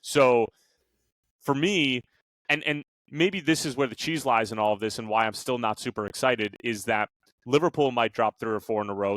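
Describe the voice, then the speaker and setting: A man on a sports podcast rants about his team, throwing out rhetorical questions and curses. His voice leaps around in pitch as he gets worked up. The sound is close and dry, with no room around it. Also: no room sound. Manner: animated, ranting, profane, rhetorical questions. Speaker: podcast co-host, Liverpool fan. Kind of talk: heated casual sports chat. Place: podcast studio.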